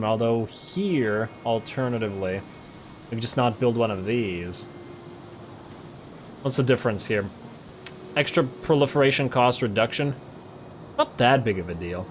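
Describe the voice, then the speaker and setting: A man's voice: mid-range voice, a little hiss or hum. Man musing aloud over a strategy game. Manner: thinks aloud, musing and self-correcting; excitable, quick to laugh. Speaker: let's play host. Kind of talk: casual gameplay commentary.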